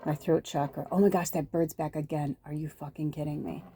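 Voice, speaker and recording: This low-pitched woman talks a little fast, with mellow, fairly even intonation and slight background noise. A tarot reader and medium from the south suburbs of Chicago, she chats through a card reading, drifting off and breaking into whispers.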